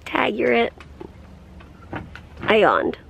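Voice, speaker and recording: A woman's voice: fairly high pitch, wildly swooping pitch, extremely slow, vocal fry, a bit bright, slight background noise. A woman in her thirties chatting casually in a home vlog, laughing easily as she talks. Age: 30s. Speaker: vlogger.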